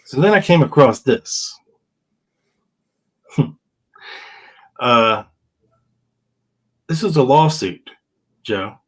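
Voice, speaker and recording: Male podcast host, 50s, average pitch, casual read-through of court papers with wry asides. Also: sing-song, extremely slow, pauses often, fairly bright tone, slightly rough, rough recording. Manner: reads old legal papers aloud with wry asides. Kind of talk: casual chat, reading documents aloud.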